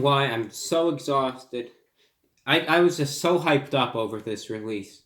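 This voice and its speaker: A man's voice: mid-range voice, unhurried, a bit bright, echoey room. Breathless man with formal dramatic delivery. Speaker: food reviewer. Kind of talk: comedic food review monologue.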